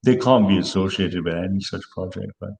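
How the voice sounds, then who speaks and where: A man's voice: deep voice, fairly quick, gravelly, darkish tone. A man hosting a livestream chat, rambling, swearing and laughing often, tired. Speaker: livestream host. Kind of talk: casual political chat. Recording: echoey room.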